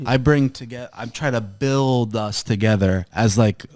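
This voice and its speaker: A man's voice: mid-range voice, measured pace, a little mellow, no room sound. A man co-hosting a podcast, teasing his friends and laughing often. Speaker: podcast co-host. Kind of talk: casual banter.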